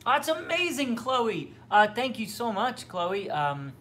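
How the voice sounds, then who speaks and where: An extremely high-pitched, very animated young man hosts a casual livestream near his kitchen fridge at home, reading viewer comments at a measured pace. His tone is fairly bright, his answers ramble with lots of fillers and restarts, and slight background noise is audible.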